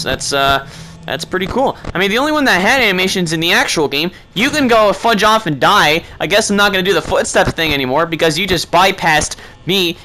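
A man giving let's play commentary, sarcastic and excitable, taunting the game's characters, swearing, and breaking into panicked yelling. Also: fairly high pitch. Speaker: gamer.

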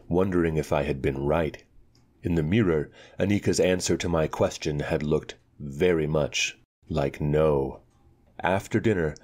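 A man narrating a dark fantasy story in a calm, measured storytelling voice. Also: sits low. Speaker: audiobook narrator. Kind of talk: scripted narration.

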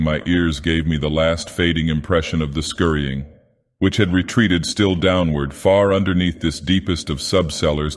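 A man narrating an audiobook in character as an ancient, menacing male god-king villain from a fantasy game, speaking slowly and gravely. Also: deep voice, close to an everyday voice. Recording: long echoing reverb.

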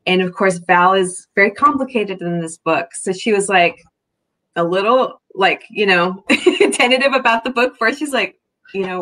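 A woman's voice: fairly low pitch, unhurried, gravelly, fairly bright tone. A woman author reading from her novel and then answering questions in a chatty way, laughing often, over a video call. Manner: chatty, laughs often, full of fillers and restarts.

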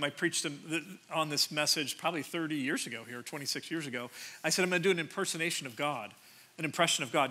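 A middle-aged male pastor preaching a sermon in a conversational, animated way, often restarting phrases and dropping in quick asides. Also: on the high side. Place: large church sanctuary.

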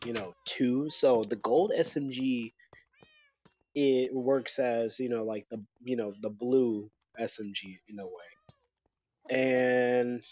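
A man's voice: medium pitch, a little mellow. Rambling man explaining game updates. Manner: rambling explainer with many fillers. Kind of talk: casual gaming chat.

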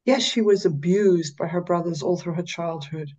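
A woman psychologist explaining her therapy in an interview, animated, sometimes dropping to a slow, soft, low voice to show how she talks to clients. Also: muffled recording. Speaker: psychologist and therapist, podcast guest.

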